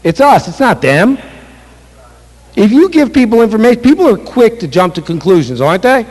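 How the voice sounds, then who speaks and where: A man's voice: sits high, big pitch swings, a little fast, a little mellow. A man running a sales seminar, speaking emphatically, repeating key points and acting out sample sales calls. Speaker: sales trainer. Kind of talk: motivational sales seminar talk. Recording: echoey hall with long reverb.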